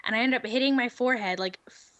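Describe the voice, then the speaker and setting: A young adult woman, a guest, telling stories in casual chat, animated and giggly with lots of fillers. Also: a little high, fast talker, dry recording, muffled recording.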